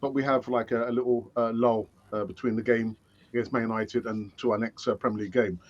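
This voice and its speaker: A man's voice: mid-range voice, flat delivery, fairly quick. Chatty male host, dull lo-fi sound. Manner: chatty, hands out shout-outs. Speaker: podcast host. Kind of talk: casual football chat.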